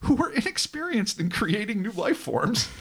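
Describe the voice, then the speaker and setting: A man's voice: sits high, sing-song, moderate pace, vocal fry, a loud crowd. A man hosting a casual podcast, reading a dramatic script aloud and breaking off into joking asides. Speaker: podcast host.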